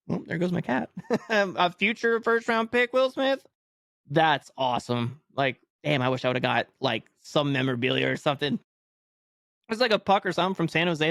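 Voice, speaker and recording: A young man hosting a casual solo sports podcast, rambling and excitable, laughing often and a bit sleepy. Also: medium pitch, creaky, dry recording. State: yawning, sleepy. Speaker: podcast host.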